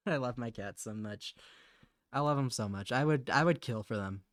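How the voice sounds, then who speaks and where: A man's voice: medium pitch, measured pace, no room sound, clean studio sound. Rambling, chatty man streaming live. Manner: rambling and chatty, laughs often; mutters to himself while drawing. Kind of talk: casual live-stream chat.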